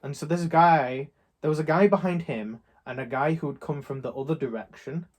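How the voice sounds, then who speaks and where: A man's voice: on the high side, normal speed. A young man from England chatting casually, retelling a shop argument in a rambling way. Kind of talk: casual chat, storytelling.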